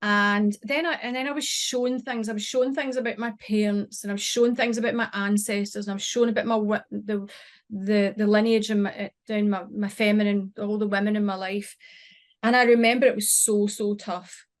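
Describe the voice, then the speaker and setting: A middle-aged woman, a podcast guest, recounting a personal experience in an emotional, halting way with many restarts. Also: medium pitch, level tone. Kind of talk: personal storytelling.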